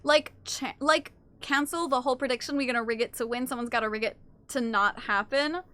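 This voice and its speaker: A woman's voice: high voice, brisk, bright, forceful tone. A woman livestreamer chatting casually and playfully with her viewers, reading chat aloud and swearing now and then.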